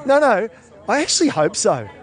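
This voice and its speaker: A man's voice: high voice, sing-song, moderate pace. A man with an Australian accent co-hosting a cycling podcast, chatting casually, teasing and laughing often. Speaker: podcast co-host and cycling commentator. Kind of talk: casual chat.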